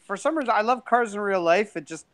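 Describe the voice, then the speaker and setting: A man's voice: high-pitched, lively intonation, fast talker, fairly bright tone, no echo, rough recording. A man chatting casually on a podcast, blunt and joking, swearing freely.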